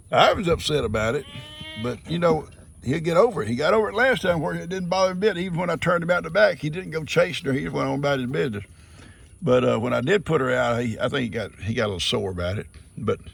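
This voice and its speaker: A man's voice: medium pitch, vocal fry, slight background noise. An older man, chatting casually to his farm animals and viewers outdoors. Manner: folksy, talks sweetly to his animals. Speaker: farm vlogger.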